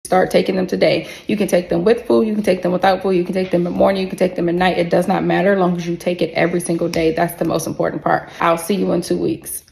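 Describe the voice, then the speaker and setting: A brisk, matter-of-fact male doctor gives quick instructions, as a woman quotes him in her storytime vlog. The voice is gravelly and close to her own. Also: on the low side, flat delivery, darkish tone, rough recording. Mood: instructing.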